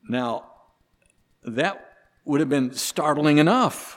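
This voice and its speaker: A man preaching a sermon slowly and deliberately, his voice lifting hard on the words he stresses. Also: mid-range voice, lively intonation. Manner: slow, deliberate preaching with emphatic rises on key words. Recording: long reverb of a large hall.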